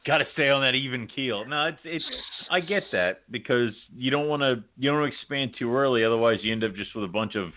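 Relaxed male podcast host, phone-line sound. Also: medium pitch, quick pace. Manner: relaxed, jokey, stammers a little. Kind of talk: casual interview chat.

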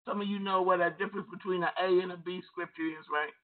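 A woman's voice: on the low side, steady tone, quick pace. A woman pastor preaching a sermon, telling her story with emotion and acting out each side of a dialogue, her voice swelling at times into cries. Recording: phone-like narrow sound.

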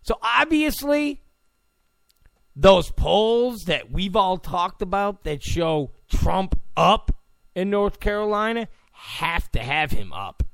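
Rambling, gravelly male radio host. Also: high-pitched, sing-song, takes it slowly, fairly bright tone, dry recording, studio quality. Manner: rambling, mocking, chuckling asides. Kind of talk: talk radio commentary.

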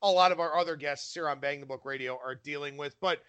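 A man hosting a sports betting radio podcast, talking casually and briskly with his guest. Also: a little high, a bit bright, clear, resonant tone.

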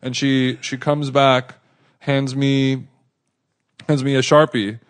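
His voice is smooth and medium in pitch, and he takes his time. While co-hosting a podcast, he tells a meandering, lively story in relaxed conversation, restarting often and acting out what people said.

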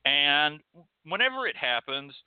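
A man's voice: on the high side, unhurried, clean tone, dry recording. A male show host ranting sarcastically, with frequent swearing. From Texas. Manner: profane, sarcastic, animated. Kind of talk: ranting monologue. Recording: tinny phone-like sound.

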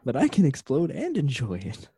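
A man's voice: on the high side, huge pitch swings, normal speed, mellow, husky, no room sound, clean studio sound. A man co-hosting a podcast, laid-back and chuckling as he goes through his episode notes. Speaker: podcast co-host. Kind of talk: casual chat reviewing a TV episode.

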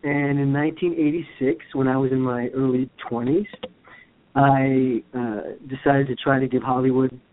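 A man's voice: medium pitch, little pitch movement, moderate pace. Playful man in his fifties on a phone line. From USA. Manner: playful, chatty, laughs easily. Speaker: co-host, actor. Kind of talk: casual chat.

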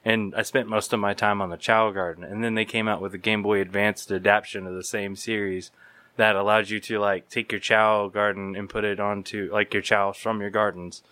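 A man's voice: lowish voice, little pitch movement, a little fast, bright, forceful tone, no room sound. A man co-hosting a casual podcast chat, teasing his friend dryly and talking eagerly about video games.

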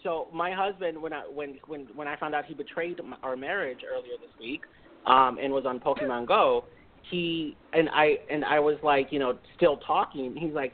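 A man's voice: fairly high pitch, steady tone, moderate pace. A man co-hosting a talk podcast, chatting in a blunt, joking way. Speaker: podcast co-host. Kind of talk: casual chat. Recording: tinny phone-like sound.

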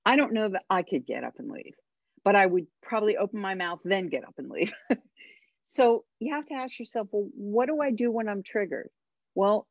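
A woman who coaches parents and writes books appears as a radio interview guest, giving tips emphatically with dramatic pauses. Her medium-pitched voice is dry-recorded, with the highs cut off.

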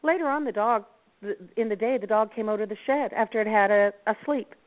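A woman from Nova Scotia who founded a dog rescue network, calmly giving advice as a guest on a radio talk show. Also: mid-range voice, fairly quick. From Nova Scotia, Canada. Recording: tinny phone line.

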